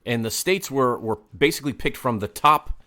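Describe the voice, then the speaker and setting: A man co-hosting a casual podcast, telling stories in a playful, joking tone. His pitch moves around a lot as he talks, rising and falling with his jokes. His delivery is conversational and easygoing. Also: expressive, moderate pace, sharp tone. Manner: playful, storytelling. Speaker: podcast co-host. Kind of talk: casual chat. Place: small home studio.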